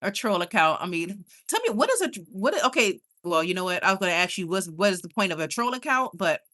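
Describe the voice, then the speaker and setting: Woman, young adult, live stream host, casual chat, animated, emphatic, bright tone. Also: mid-range voice. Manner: animated and emphatic, quick to laugh, repeats herself.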